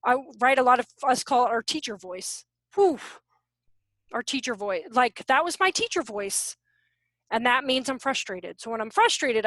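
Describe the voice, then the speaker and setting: A woman with a fairly high, slightly bright voice speaks with no echo over a video call. She presents an online workshop on parenting and teaching, chatting casually and acting out the voices of parents and kids.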